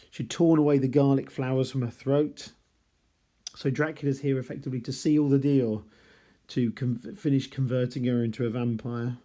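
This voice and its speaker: A man walks through a classic novel chapter by chapter, talking casually as a teacher would. His voice is mellow and warm at an ordinary middle pitch, and he rambles a little, correcting himself and apologising as he goes. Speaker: literature teacher.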